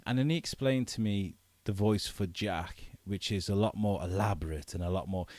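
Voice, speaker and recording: A man with a fairly low voice chats loosely on a podcast, rambling through stories about voice acting and stopping often to restart his sentences. The sound is dry and close, with no room around it. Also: normal speed, darkish tone, dry recording. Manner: rambling and chatty, with many fillers and restarts. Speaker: voice actor interviewed on a podcast. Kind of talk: casual podcast chat.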